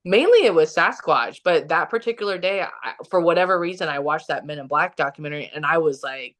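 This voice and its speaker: A woman with a somewhat low voice tells a personal story as a podcast guest. Her talk is casual and chatty, filled with "like", and she acts out what people said. She is from Kansas City, Missouri. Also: lively intonation, a little fast, fairly bright tone. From Kansas City, Missouri, USA. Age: young adult or middle-aged, has a son. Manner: chatty, heavy use of "like", acts out quotes.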